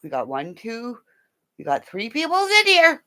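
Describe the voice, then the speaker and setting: A middle-aged woman hosting a rambling, casual livestream chat, excitable, gasping and dropping into whispers. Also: fairly high pitch, a little slow, no room sound, studio quality. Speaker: livestream host.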